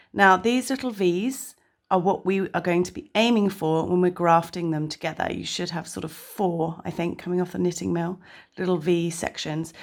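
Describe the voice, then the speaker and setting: A woman with a croaky voice from a sore throat, chatting casually as she hosts a crafting tutorial. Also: fairly low pitch. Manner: chatty, self-deprecating. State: croaky voice from tonsillitis. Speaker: crafting channel host.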